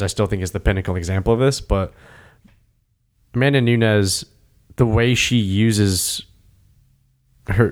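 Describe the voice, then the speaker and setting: A man's voice: on the low side, clean tone. A man hosting a casual chat about fighting, talking animatedly and acting out scenes. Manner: animated, acts out scenes with voices. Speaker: podcast host.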